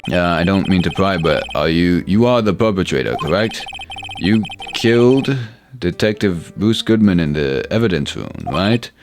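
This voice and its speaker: A man's voice: low voice, lively intonation, normal speed, over music. A man playing through a courtroom video game, reading the lead's lines with wry, dry asides. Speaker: let's play host voicing the lawyer lead. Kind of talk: game playthrough narration.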